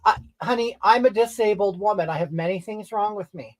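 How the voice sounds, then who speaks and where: A woman's voice: medium pitch, brisk, a little mellow, lightly acted. A woman doing a sassy, touchy livestream lady. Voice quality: sassy, rambling, keeps snapping "okay?" and "honey". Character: brash, touchy middle-aged woman livestreamer. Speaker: livestream comedy character. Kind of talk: character livestream reading comments.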